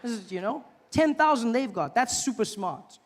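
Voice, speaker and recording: A man's voice: very high-pitched, normal speed, big-room sound. A man performing a stand-up comedy set in a live venue, acting out voices as he tells stories. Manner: animated, acts out other voices and accents. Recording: live stage recording with noisy ambience.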